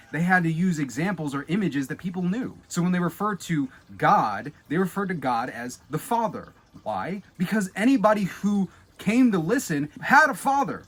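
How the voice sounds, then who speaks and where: A man giving a casual spoken teaching, guiding the listener through an exercise and often dropping to a soft, low voice. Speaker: spiritual teacher.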